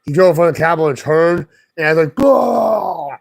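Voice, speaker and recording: A man in a casual chat, telling a story in a rambling, profane, animated way and acting out what other people said. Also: fairly high pitch, very fast, clean tone. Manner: rambling, profane, animated retelling with quoted voices.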